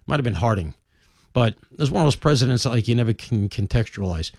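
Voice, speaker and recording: A man hosting a talk radio show, delivering an animated, opinionated monologue with conversational asides. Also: medium pitch, fast, creaky, no echo. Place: radio studio.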